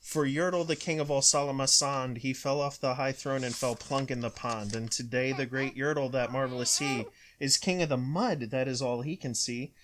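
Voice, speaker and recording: A man, a father, reading a rhyming picture book aloud with a steady rhythm. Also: medium pitch, normal speed, hardly any pauses, slight background noise.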